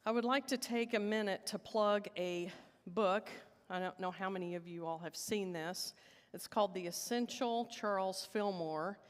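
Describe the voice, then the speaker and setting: A woman teaching at a church service, leading the congregation in call and response and stating each "I am" line with slow emphasis. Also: mid-range voice, in a large hall. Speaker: licensed Unity teacher giving the talk. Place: church sanctuary.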